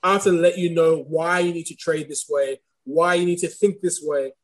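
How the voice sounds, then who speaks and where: A man's voice: on the high side, fairly even intonation, moderate pace, poor audio. A man with a slight speech impediment, talking as an interview guest in an earnest, searching way, often restarting his sentences. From Australia. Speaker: guest, course creator and preacher. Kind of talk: reflective interview talk.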